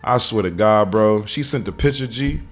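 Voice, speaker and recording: A man, a stand-up comedian telling a personal story on a podcast in a lively, acted-out way. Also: lowish voice, normal speed, soft background music. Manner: animated storyteller acting out dialogue, swears freely.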